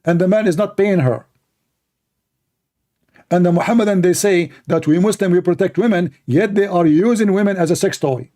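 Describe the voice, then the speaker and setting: A man hosts a live call-in debate stream, heated and mocking, his high voice hoarse from shouting. He speaks at a moderate pace.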